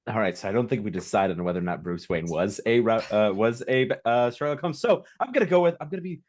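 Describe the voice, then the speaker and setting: A man's voice: lowish voice, animated, fast, darkish tone. A man player at a tabletop game, wry and joking. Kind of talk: casual table chat.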